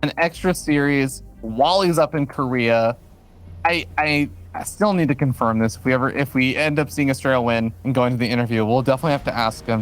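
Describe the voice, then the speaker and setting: A man's voice: medium pitch, fairly quick, soft background music. A man co-casting a live strategy game match, trading playful banter and breaking down the play in detail. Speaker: esports caster.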